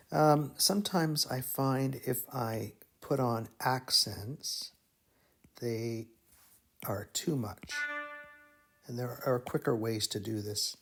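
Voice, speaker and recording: A man teaching melody writing in a slow, musing, think-aloud way, humming phrases as he explains. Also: medium pitch, gravelly, music in the background. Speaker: music teacher. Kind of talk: thinking-aloud composition tutorial.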